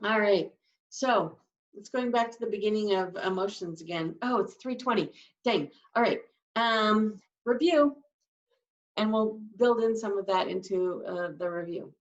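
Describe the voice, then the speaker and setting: A woman's voice: medium pitch, unhurried. A woman teaching a sign language class, explaining signs and acting out emotions with her voice. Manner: demonstrative, acts out emotions with her voice. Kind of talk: live class instruction. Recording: distant mic, dull lo-fi sound.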